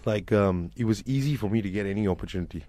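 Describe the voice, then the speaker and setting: Brief: male guest musician, lowish voice, dry studio sound, animated storyteller. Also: fast talker, dry recording. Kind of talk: radio interview.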